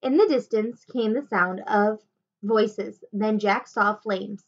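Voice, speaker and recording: A woman teacher reading a children's chapter book aloud at home, with expressive delivery. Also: medium pitch, takes it slowly, lo-fi sound. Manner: expressive, animated. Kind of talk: storybook read-aloud.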